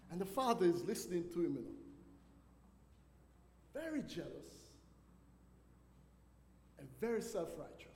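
A man's voice: high voice, sing-song, measured pace, long pauses, darkish tone. A man preaching a sermon as pastor, asking the congregation questions and calling for responses. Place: church sanctuary. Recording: long church hall reverb.

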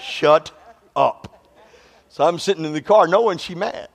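A male pastor with a drawl and a high voice. He preaches in a call-and-response way, teasing the congregation with humorous stories and calling for them to answer back. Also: fast, breathy edge, in a large hall. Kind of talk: sermon.

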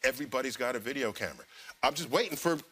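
A man in a played clip, making an animated argument. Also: mid-range voice, racing, slightly rough.

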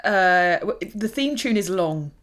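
A woman's voice: mid-range voice, animated, measured pace, a bit bright. A woman, co-hosting a podcast in casual, playful chat. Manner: playful, bouncy, jokey. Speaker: podcast co-host. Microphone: studio microphone.

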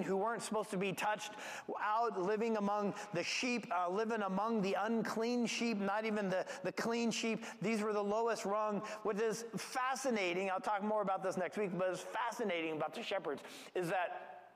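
A man preaching a sermon as pastor, talking in a conversational, animated way with asides and restarts. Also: high-pitched, in a large hall. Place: church gathering.

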